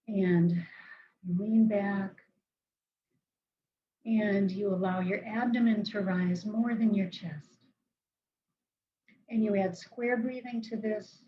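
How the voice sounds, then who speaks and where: A woman counselor giving a calm, instructive talk on managing anger, slowing down to guide breathing exercises. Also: mid-range voice, dull audio.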